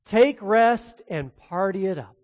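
A pastor with a high, light male voice delivers an expository sermon. He speaks earnestly, breaking into casual asides now and then. His words ring out with a long reverb, as in a church hall. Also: expressive, takes it slowly, darkish tone.

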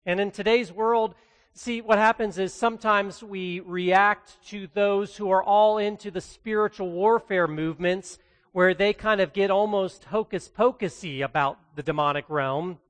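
In a big church hall, where a long reverb trails every phrase, an earnest pastor delivers a sermon with scripture reading. His middle-pitched voice moves a little slowly, relaxed and conversational, yet he presses hard on the points that matter.

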